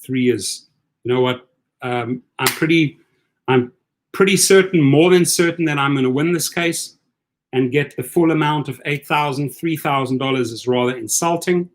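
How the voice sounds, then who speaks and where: A middle-aged man with a South African accent hosts a livestream chat, coaching his listeners in an energetic way and often repeating himself. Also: medium pitch, normal speed. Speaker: host. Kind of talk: livestream chat giving advice.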